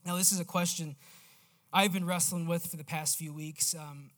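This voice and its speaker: Male preacher, high voice, casual and animated, storytelling sermon. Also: moderate pace.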